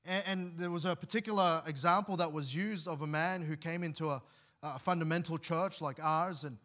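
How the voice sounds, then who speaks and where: A man's voice: a little high, a little fast, fairly bright tone. A man preaching a sermon as pastor, earnest, often restarting and repeating words as he explains scripture.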